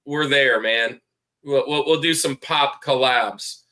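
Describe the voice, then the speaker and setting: A man's voice: mid-range voice, takes it slowly, sharp tone. A man hosting a podcast in casual chat, rambling and repeating himself as he plugs friends. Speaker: podcast host.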